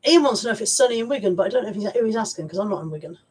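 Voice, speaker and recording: Speaking in rapid-fire bursts with a mid-range, slightly rough, animated voice, a woman hosts a casual livestream from home among piles of stuff. She reads viewers' comments aloud, chats informally, and swears occasionally.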